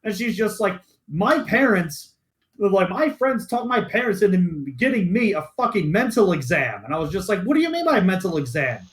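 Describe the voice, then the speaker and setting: A man's voice: sits high, normal speed. A young man on a podcast, casually telling a story full of swearing and acted-out voices. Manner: animated, profane, acts out quoted voices. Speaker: podcast co-host.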